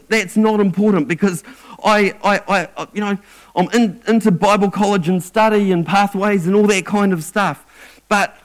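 High-voiced man preaching with stammered restarts. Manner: earnest, stammering restarts and repeated words. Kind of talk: sermon.

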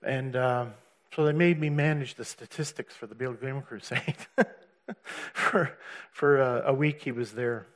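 A man's voice: mid-range voice, fairly even intonation, normal speed. A man giving a personal church testimony, telling his story earnestly with restarts and laughs.

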